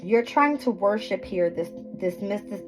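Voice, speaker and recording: A woman's voice: medium pitch, lively intonation, unhurried, poor audio. Scattered woman reading tarot over music. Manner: scattered, swearing, self-interrupting, laughing at own slips. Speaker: tarot and astrology reader. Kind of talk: casual reading to viewers. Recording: background music playing.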